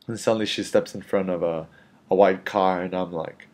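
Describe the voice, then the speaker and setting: Low-voiced rambling male storyteller. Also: fairly even intonation, moderate pace, darkish tone. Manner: rambling, filler-heavy with frequent "you know". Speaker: street photographer. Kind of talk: casual storytelling.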